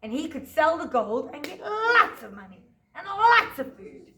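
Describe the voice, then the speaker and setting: A woman, a teacher telling a fairy tale to young children and guiding a craft, in a gentle sing-song voice that stretches words out. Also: high voice, big pitch swings, measured pace, reverberant. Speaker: preschool teacher. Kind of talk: storytelling and craft lesson for children.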